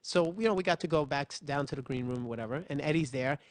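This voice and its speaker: A man hosts a casual chat, with a slightly high voice. He tells stories animatedly, slipping into the voices of people he quotes. The sound is close and dry. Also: fast talker, no room sound. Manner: animated storyteller, acts out other people's voices. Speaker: podcast host.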